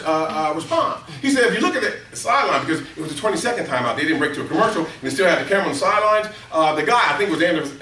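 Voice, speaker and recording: Recorded from a distance in an echoey room with slight background noise, a middle-aged man gives a workplace training seminar to a live audience. He shares stories, puts questions to the room, and voices quotes in a high, excited tone.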